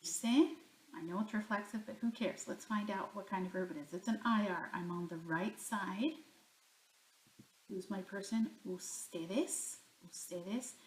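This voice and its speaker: A woman's voice: medium pitch, unhurried, a little mellow. A woman teaching a Spanish grammar lesson, talking herself through each example and answering her own questions. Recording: echoey room.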